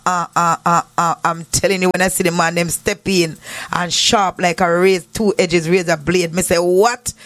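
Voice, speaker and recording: A man's voice: high-pitched, fairly bright tone, no room sound. A man with a Jamaican accent hosting an online church broadcast, greeting viewers by name and repeating "yes, yes" as he talks. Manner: repetitive, affirming yes yes, church talk. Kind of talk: casual greetings and shout-outs.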